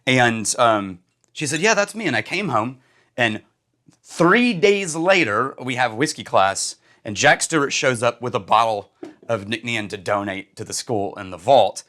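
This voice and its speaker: Middle-aged guy, bright forceful voice, chatty and laughing a lot, whisky review vlog. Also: medium pitch, lively intonation, a little slow. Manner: chatty, laughs easily, rambling asides. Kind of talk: casual video review.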